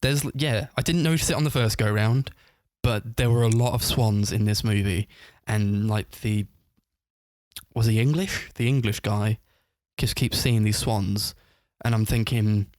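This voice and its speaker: Male podcast co-host with a low voice and a dry, close sound. Loose, rambling, laughing film recap. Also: fairly even intonation, measured pace, a little mellow, no room sound. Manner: rambling, full of "like" fillers, laughs while retelling scenes. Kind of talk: casual film review chat.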